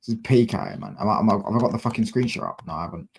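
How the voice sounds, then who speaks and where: A man's voice: on the low side, expressive, very fast, vocal fry, slightly rough. A young man, a football fan streamer, frustrated and slangy, swearing as he talks to his chat from a desk mic at home. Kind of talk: live-stream fan rant.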